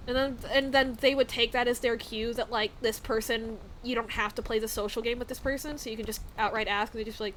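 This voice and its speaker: A woman's voice: fairly high pitch, fairly even intonation, brisk, a bit bright, a little hiss or hum. A young woman from the American South, chatting casually on a live stream, rambling with lots of fillers and frequent laughs. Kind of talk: casual chat.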